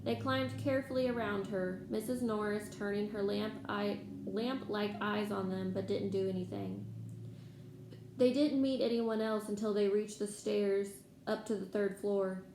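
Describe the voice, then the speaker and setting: A woman reading a novel aloud to listeners in steady storytelling manner, in an echoey room. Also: medium pitch, measured pace. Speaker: reader. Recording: echoey room, faint background noise.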